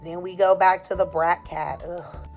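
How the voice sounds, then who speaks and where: Chatting casually, a woman sums up a soap episode in a sassy, opinionated manner and performs the characters' dialogue. Her voice is lowish and level, a little slow, with faint music behind it.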